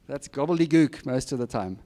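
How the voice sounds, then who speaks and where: With a warm, animated, mid-range voice and a fairly quick pace, a middle-aged guest speaker talks informally to students. He hands out honest career advice in plain terms and pokes fun at himself as he goes.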